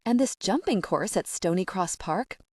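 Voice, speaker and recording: A woman's voice: mid-range voice, lively intonation, moderate pace, darkish tone, slightly rough, dry recording, studio quality. A woman voicing an earnest, worried younger sister who explains things at length.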